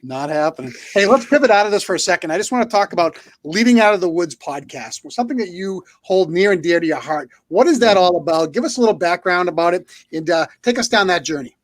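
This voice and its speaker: A male podcast host with a high voice who speaks fast and stays upbeat and encouraging. His voice sounds dry and close, with no room sound. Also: lively intonation, no room sound. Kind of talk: casual interview hosting.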